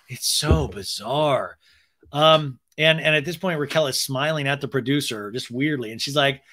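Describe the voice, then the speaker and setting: A man hosting a podcast and recapping a reality TV reunion in a chatty, gossipy way, full of quick asides. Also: mid-range voice, bright, forceful tone. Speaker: podcast host.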